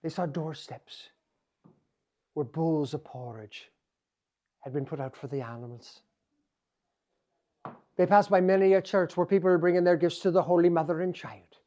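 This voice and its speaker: Animated Irish storyteller spinning a folktale. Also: male voice, fairly high pitch, normal speed, pauses often, lo-fi sound. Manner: lilting, animated, repeats phrases.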